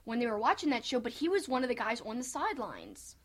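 A high-pitched woman co-hosting a podcast in casual, excited chat. She talks eagerly and loosely, dotting her sentences with "like" and quick asides. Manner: enthusiastic, chatty, lots of "like". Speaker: podcast co-host.

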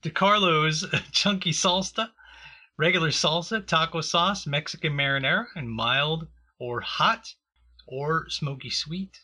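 A man's voice: fairly high pitch, a little slow, sharp tone. A man hosting a casual, joking chat with a co-host, laughing often.

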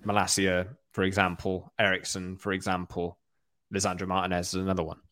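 A man co-hosting a casual football podcast, speaking hesitantly with pauses and fillers. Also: low-pitched, completely flat delivery, fairly bright tone. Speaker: podcast co-host.

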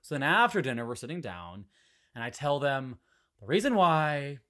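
A man's voice: medium pitch, sing-song, normal speed, bright, forceful tone. A young man hosting a podcast, telling a candid personal story in casual chat, swearing freely and acting out what others said. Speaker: podcast host.

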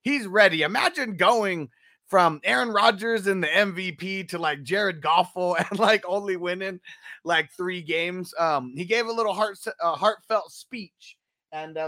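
A man hosting a laid-back sports podcast, with a high, bright voice. He reads viewer comments aloud and laughs easily as he chats. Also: normal speed. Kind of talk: casual sports chat.

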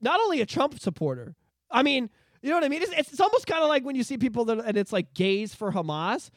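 A man's voice: very high voice, big pitch swings, fast talker, no room sound, clean studio sound. A man, hosting a podcast and telling rambling, profanity-laced stories in casual chat. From Canada. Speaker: podcast host.

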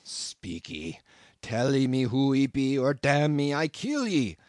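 A man voicing a gruff tattooed male harpooneer who speaks broken English with a guttural growl, in an audiobook reading. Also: medium pitch, animated, unhurried, no room sound, studio quality. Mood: menacing.

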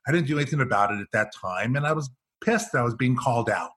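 Middle-aged male coach, storyteller who acts out quoted lines, medium pitch. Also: animated, fast talker, a bit bright, breathy edge. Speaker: executive coach, guest. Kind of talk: podcast interview, telling a story.

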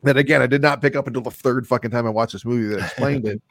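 A man in a casual film-discussion chat, talking in animated run-on sentences full of "like" and swearing. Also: medium pitch, racing, no room sound. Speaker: podcast co-host discussing a film.

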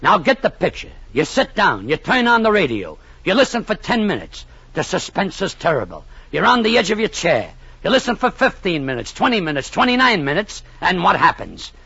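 A man's voice: sits high, huge pitch swings, brisk, gravelly, sharp tone, slightly rough, no echo. Mock-pompous old-time radio comic narrator, man. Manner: mock-pompous and long-winded, with grand phrasing. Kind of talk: 1940s radio comedy monologue. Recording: dull old radio recording.

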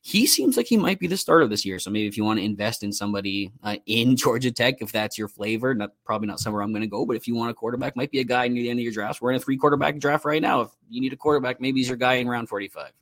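A man's voice: medium pitch, rapid-fire, few pauses, a bit bright, no room sound. A man co-hosting a casual fantasy football podcast, easygoing, rattling off stats with fillers and self-deprecating asides. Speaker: podcast co-host.

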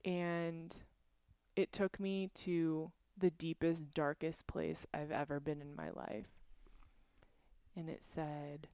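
A woman with a lowish voice shares personal stories in a frank, emotional way, swearing now and then. She is recorded close and dry, with no room sound. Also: little pitch movement, takes it slowly, a little mellow, clean tone, dry recording. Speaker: podcast guest. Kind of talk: candid conversation among friends.

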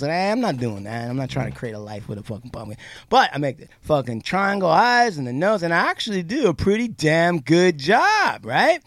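A man co-hosting a podcast, telling a profane, animated story in casual chat. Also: fairly high pitch, no echo. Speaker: podcast co-host.

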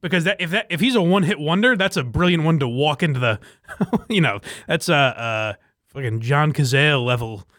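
A man's voice: fairly high pitch, brisk, a bit bright, no echo. Laid-back man with a dry close sound. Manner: laughing, loose, swears freely. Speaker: podcast host. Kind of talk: casual chat.

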